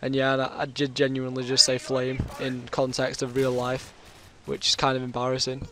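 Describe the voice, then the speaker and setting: A man's voice: medium pitch, completely flat delivery, brisk, a bit bright, a little hiss or hum. A British man with a sore throat, telling a long rambling story in casual chat over his gameplay. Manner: rambling, chatty, full of fillers. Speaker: gaming commentator.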